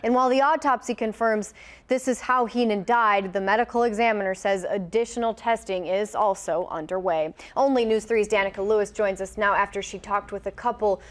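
A woman anchors the evening news in a measured, formal voice. Her pitch sits in an ordinary middle range, and her delivery stays scripted and even.

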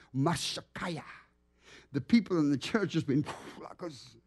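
Man, evangelist preacher, somewhat high voice, animated storytelling, church sermon. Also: slow. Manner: animated, acts out stories. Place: church sanctuary.

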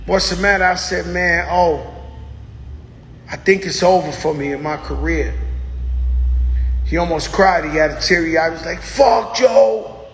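A man hosting his own show, telling stories in a loud, profane, boisterous way and acting out what others said. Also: a little high, steady tone, moderate pace, pauses often, slight background noise. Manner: boisterous, profane storyteller who acts out quotes. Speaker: host. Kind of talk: casual monologue to viewers. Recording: roomy echo with long reverb.

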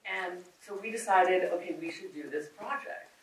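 A woman film producer telling a personal story on a conference panel, candid and animated, quoting others as she goes. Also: fairly low pitch, moderate pace. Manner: candid, animated, quotes others in her retelling. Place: conference auditorium. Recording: echoey hall, far from the mic, faint noise.

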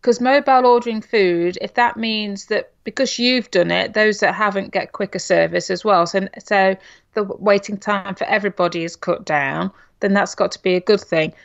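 Co-hosting a podcast, this middle-aged woman from Nottingham, England, speaks with an English accent in a gravelly, medium-pitched voice with a steady tone and moderate pace. Her casual talk is full of "you know" and tag questions. The audio has a dull, lo-fi quality.

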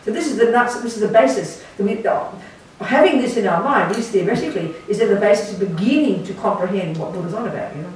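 A woman's voice: medium pitch, animated, fast, darkish tone. A woman, a Buddhist nun, giving a blunt, emphatic retreat teaching with sarcastic asides. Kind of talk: dharma talk to a retreat group. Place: meditation centre hall. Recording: echoey room from far off, faint hiss.

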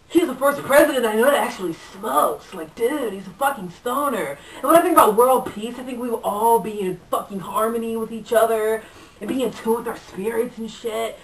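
A woman's voice: on the high side, close to an everyday voice. A woman playing a young stoner surfer guy who delivers pizza, talking in a laid-back, profane way full of dude and bro. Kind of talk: comedic character monologue. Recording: echoey room, voice far from mic.

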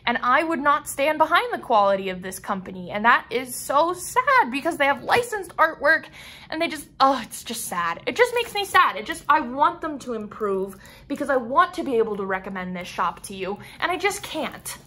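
A woman's voice: high-pitched, sing-song, moderate pace, bright, forceful tone. A young woman vlogging a craft unboxing, frustrated, sighing and rambling with restarts. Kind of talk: casual unboxing vlog.

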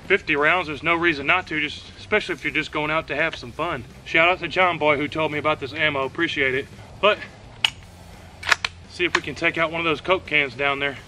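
A man with a fairly high voice hosts a casual outdoor shooting vlog for his channel, giving relaxed, fairly quick running commentary between shots at a range. He is out of breath at times, and there is background noise.

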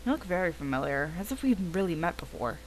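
A woman's voice: lowish voice, very animated, fast, a little hiss or hum, poor audio. A woman voicing a rude, impatient male customer who complains and bosses people around. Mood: suspicious. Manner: bossy, complaining, suspicious. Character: rude impatient man demanding ice cream.

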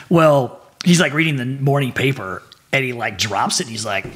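Husky-voiced man telling profane war stories. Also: mid-range voice, normal speed. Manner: profane, animated storyteller. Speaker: podcast guest. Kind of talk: casual storytelling.

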